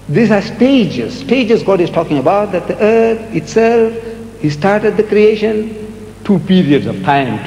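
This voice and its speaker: Emphatic high-voiced lecturer. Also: male voice, darkish tone, highs cut off. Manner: emphatic, repetitive, coaxing. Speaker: lecturer answering audience questions. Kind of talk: public lecture Q&A. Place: large lecture hall. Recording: echoey archive hall recording, faint hiss.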